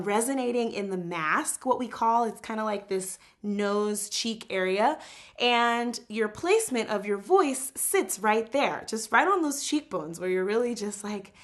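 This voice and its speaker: A woman teaching a casual singing lesson, animated and explaining with quick spoken and sung examples. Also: medium pitch.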